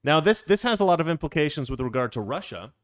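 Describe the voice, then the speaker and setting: Opinionated man with animated delivery. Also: a little high, quick pace, no room sound. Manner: opinionated and rambling, chuckling often. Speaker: show host. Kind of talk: casual political commentary.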